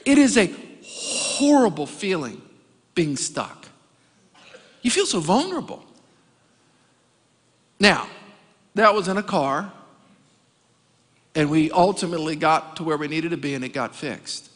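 Animated high-voiced pastor preaching. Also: male voice, unhurried, long pauses, big-room sound. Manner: animated storytelling with comic asides. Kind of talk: sermon. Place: church sanctuary.

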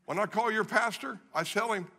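High, bright-voiced preacher in a big hall. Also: male voice, brisk, creaky. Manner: animated storytelling, repeats phrases for emphasis. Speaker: guest preacher. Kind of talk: sermon. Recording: long reverb of a large hall.

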